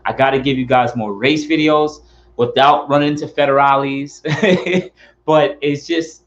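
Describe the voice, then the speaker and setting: A man's voice: a little high, fairly even intonation, normal speed, a bit bright, highs cut off. A man hosting his car channel, talking in an earnest, rambling, heartfelt way and repeating himself. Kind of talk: casual heartfelt vlog talk.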